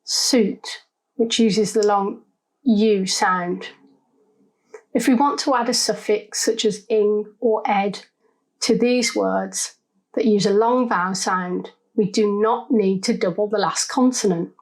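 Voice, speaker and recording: A woman giving scripted spelling lessons, sounding out syllables slowly and deliberately. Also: mid-range voice, a little mellow, low-quality recording. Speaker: English spelling teacher. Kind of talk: scripted instructional narration.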